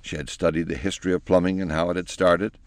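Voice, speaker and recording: A man narrating a children's storybook in an expressive, animated reading. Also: low-pitched, fast talker, no room sound.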